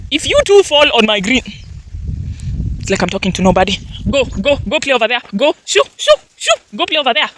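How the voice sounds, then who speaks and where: Lively young woman touring her farm. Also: fairly high pitch, brisk, a little hiss or hum. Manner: animated, exclamatory, scolds and coos at her dogs. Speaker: homestead farmer giving a farm tour. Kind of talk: casual vlog walkthrough. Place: outdoor vegetable garden.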